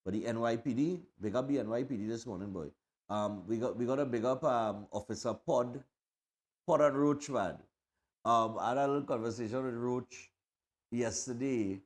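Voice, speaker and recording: A man's voice: medium pitch, normal speed. Chatty Trinidadian man hosting. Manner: chatty and rambling, many fillers and restarts. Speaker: morning show host. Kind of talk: casual live commentary over parade footage.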